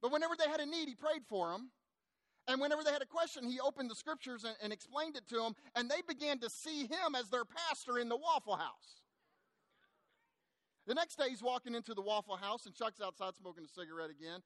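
A man preaching, telling a long story to make his point, animated at times and hushed in the sad parts. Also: extremely high pitch, fairly quick, no echo. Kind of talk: sermon storytelling.

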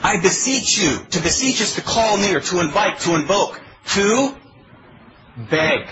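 A man's voice: high voice, sing-song, unhurried, lo-fi sound, music in the background. A male pastor preaching a sermon in a pleading, emphatic way, asking his congregation questions. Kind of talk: expository sermon.

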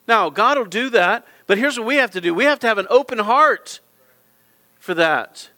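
A man's voice: high voice, expressive, normal speed, bright, forceful tone. A middle-aged male pastor preaching a sermon in a church auditorium, with impassioned, repetitive appeals straight to his congregation.

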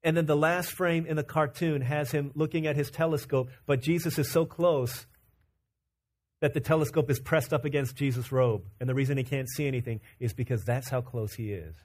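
A man from Virginia preaching a conversational, animated sermon as pastor. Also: medium pitch. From Virginia, USA. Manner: conversational and animated, acting out quick character quotes.

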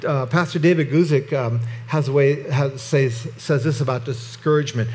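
A middle-aged man teaching through a Bible chapter verse by verse in a conversational, halting way with frequent restarts. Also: mid-range voice, a little mellow.

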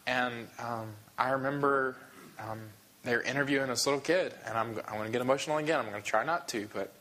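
Male pastor, bright-toned, emotional, halting delivery with restarts. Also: mid-range voice, a little hiss or hum. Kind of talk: sermon.

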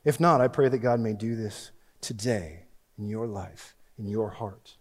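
A man preaching a sermon as pastor, swinging between loud emphatic lines and hushed ones. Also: lowish voice, unhurried. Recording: long reverb of a large hall.

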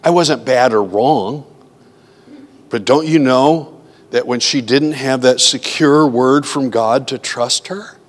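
A man delivers an earnest, conversational sermon at an ordinary middle pitch. He tells personal stories and voices his own anxious thoughts along the way. His voice carries a long hall reverb. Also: slow. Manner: earnest, acts out his own inner voice in quotes. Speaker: preacher.

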